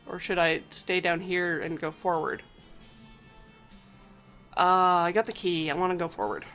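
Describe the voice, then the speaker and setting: A woman's voice: medium pitch, a bit bright. A woman streaming a game, reading its text aloud with wry, joking asides.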